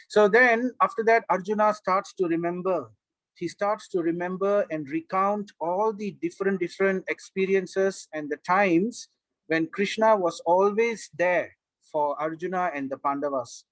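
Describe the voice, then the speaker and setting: Man, slightly higher voice, dry close recording, teaching a scripture class with frequent restarts. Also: unhurried, dry recording, low-quality recording. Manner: explanatory, with frequent restarts and fillers.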